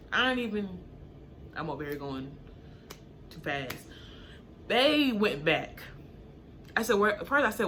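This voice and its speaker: A young woman telling a story in a relaxed, chatty way, breaking into high, animated bursts when she acts out what she and others said. Her voice is bright and forceful, with a faint hiss in the background. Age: young adult. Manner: animated, acts out quotes with sudden high pitch jumps. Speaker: storytime vlogger. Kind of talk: casual storytelling to camera.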